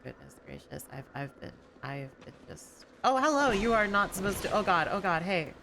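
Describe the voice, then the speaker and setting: A young woman chatting casually while streaming a game, rambling with lots of fillers and sometimes lifting her voice higher on purpose. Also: sing-song, moderate pace, gravelly, noisy background. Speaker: gaming streamer. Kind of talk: casual gameplay commentary.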